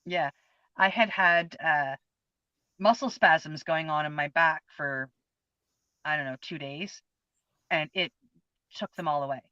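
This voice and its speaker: A woman's voice: deep voice, a little slow, long pauses, pushed and bright, no room sound. A woman in her fifties co-hosting a casual chat, telling a personal experience in an earnest, open, heartfelt way. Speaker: co-host. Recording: dull lo-fi, dry sound.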